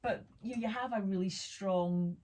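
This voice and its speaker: A woman's voice: medium pitch, a little slow, mellow. A woman hosting a radio show, asking a guest questions with enthusiasm and laughing along. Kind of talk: casual radio interview.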